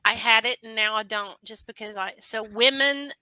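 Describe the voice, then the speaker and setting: A woman's voice: on the high side, normal speed, sharp tone, clear, resonant tone, no room sound, rough recording. A woman co-hosting a casual live stream, teasing and amused.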